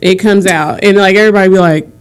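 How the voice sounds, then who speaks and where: Woman podcast co-host, softened Southern accent, chatty, quick to laugh. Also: medium pitch, fairly even intonation, clean tone. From Greenville, Mississippi. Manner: laughs often, acts out quoted people. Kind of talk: casual chat.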